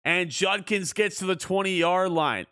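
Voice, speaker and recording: A young man streaming a football video game, calling the plays like a sports commentator and shouting on big plays. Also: high voice, a little slow, clear, resonant tone. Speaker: streamer doing play-by-play.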